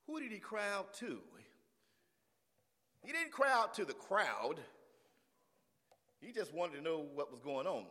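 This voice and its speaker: A male pastor preaching a sermon, swinging from hushed lines to shouted refrains. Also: high-pitched, wildly swooping pitch, a little slow, pauses often, long reverb tail.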